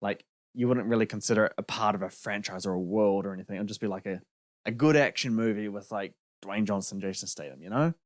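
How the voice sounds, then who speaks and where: A man's voice: fairly low pitch, fast talker, dry recording, clean studio sound. A young man co-hosting a podcast, giving his opinions on films in a casual chat and laughing easily. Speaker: podcast co-host.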